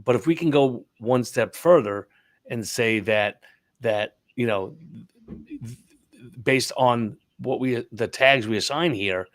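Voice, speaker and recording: Male podcast co-host, mid-pitched voice, halting delivery, repeats himself. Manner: halting, repeats words often. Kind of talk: casual tech chat.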